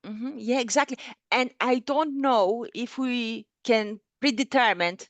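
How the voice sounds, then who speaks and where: A woman's voice: fairly high pitch, a little slow, no room sound, highs cut off. A woman therapist co-hosting a casual discussion over a video call, speaking hesitantly with many fillers and restarts. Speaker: therapist and book club co-host.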